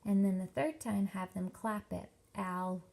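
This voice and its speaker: A young woman teacher giving a workshop presentation to parents, explaining slowly and carefully with lots of examples. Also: medium pitch, vocal fry, dark tone. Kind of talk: instructional presentation.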